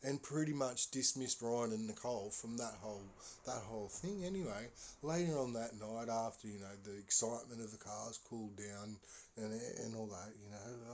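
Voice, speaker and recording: A man's voice: fairly low pitch, normal speed, a little mellow, slight background noise. A man, a podcast host telling a ghost story casually, rambling with many fillers and restarts.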